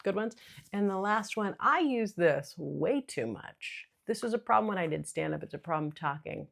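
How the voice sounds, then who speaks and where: Chatty gravelly-voiced mom podcaster. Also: female voice, medium pitch, lively intonation, normal speed. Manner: chatty, rambling, self-deprecating, many fillers. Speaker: podcast host. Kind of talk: casual solo monologue.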